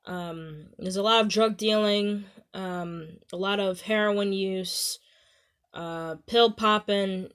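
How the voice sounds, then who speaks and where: A woman's voice: lowish voice, a bit bright. A young woman with a Staten Island New York accent, talking casually to her viewers in a rambling way, full of "you know" and "um". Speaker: vlogger. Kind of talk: casual talk to camera.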